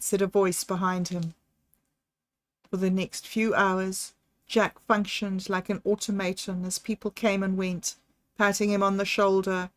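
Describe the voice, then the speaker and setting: A woman narrating a novel aloud in a slow, measured storytelling voice. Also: mid-range voice, no echo. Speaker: audiobook narrator. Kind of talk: scripted narration.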